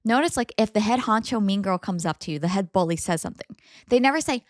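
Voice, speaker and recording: A woman co-hosting a casual story-discussion podcast with her partner, chatty and animated, laughing often. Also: medium pitch, fast, no room sound, clean studio sound. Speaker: co-host reading Reddit stories.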